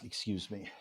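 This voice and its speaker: A man telling a deeply personal story as a podcast guest, earnest and halting, often repeating words as he restarts.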